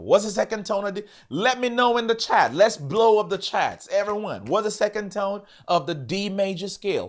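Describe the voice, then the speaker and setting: Animated man teaching piano chords. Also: fairly high pitch. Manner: animated, repeats and quizzes viewers. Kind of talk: live-streamed music lesson.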